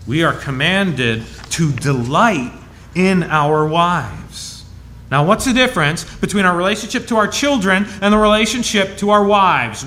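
A man preaching as pastor, reading scripture with emphasis and dropping to soft, low asides in a conversational way. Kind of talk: sermon.

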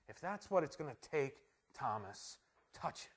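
A man preaching a sermon as pastor, emphatic and swinging from hushed words to loud ones. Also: medium pitch, sing-song, a little slow.

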